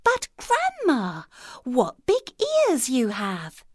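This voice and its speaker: A woman voicing a trusting little girl in a storybook, speaking in a high, bright childlike voice. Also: huge pitch swings, very slow, no room sound, clean studio sound, exaggerated voice. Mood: puzzled. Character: little girl in a red cloak, eager and trusting.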